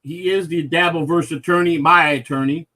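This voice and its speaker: A man's voice: a little high, fairly even intonation, normal speed, pushed and bright. A man hosting a live comedy talk show, talking casually with lots of fillers and restarts. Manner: rambling, filler-heavy. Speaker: host.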